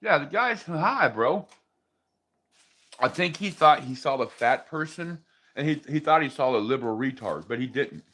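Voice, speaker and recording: Profane, animated livestreaming man. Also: on the high side, normal speed, slightly rough. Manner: profane, irritated ranting; talks to viewers and his dogs. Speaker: livestream host. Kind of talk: casual livestream chat.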